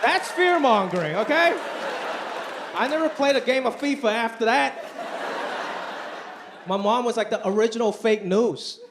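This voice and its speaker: A man performing a stand-up comedy routine on a club stage, talking in an animated way and acting out the voices he quotes. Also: very high voice, moderate pace, long pauses. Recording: live club recording with crowd noise. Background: audience laughter.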